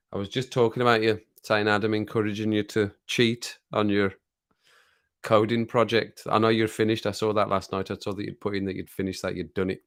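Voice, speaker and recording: A man's voice: on the low side, fairly bright tone. A man hosting a casual livestream chat, rambling through stories and laughing often. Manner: chatty, rambling storyteller who laughs often. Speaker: livestream host. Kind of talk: casual chat with viewers over a drink.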